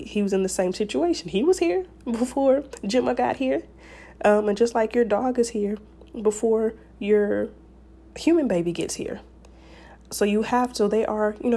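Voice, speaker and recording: A woman's voice: medium pitch, warm tone. A woman hosting a podcast, giving casual advice in a chatty, rambling way with many fillers and restarts. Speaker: podcast host.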